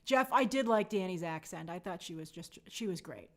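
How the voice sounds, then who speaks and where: A woman's voice: lowish voice, expressive, moderate pace. A young adult woman hosting a casual review show, reading viewer comments aloud and acting out quotes in playful voices. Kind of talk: casual live chat review.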